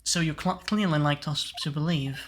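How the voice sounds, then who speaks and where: A woman's voice: low voice, normal speed, a little hiss or hum, close to an everyday voice. A woman voicing an earnest young male defense lawyer who asks probing, questioning lines.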